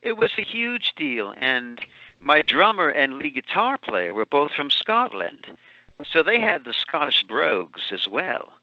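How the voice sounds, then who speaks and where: A man's voice: a little high, big pitch swings, a little slow, dry recording. A man in his seventies, an author and guest, telling long meandering anecdotes in an interview. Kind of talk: storytelling interview answer. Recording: muffled lo-fi audio.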